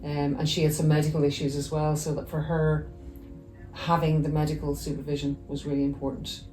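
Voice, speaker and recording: A woman's voice: low-pitched, completely flat delivery, brisk, dark tone. A middle-aged Irish woman, a nurse, chatting casually in an interview and acting out conversations she has had. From Ireland. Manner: chatty, acts out quoted conversations. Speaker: nurse and former weight-loss patient. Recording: echoey room with faint music.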